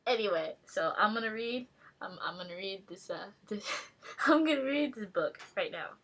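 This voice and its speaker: A woman's voice: medium pitch, expressive, normal speed, a bit bright. A young woman vlogging casually to her viewers, rambling and joking at her own expense with frequent giggles. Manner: rambling, self-mocking, giggly. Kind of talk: casual webcam monologue.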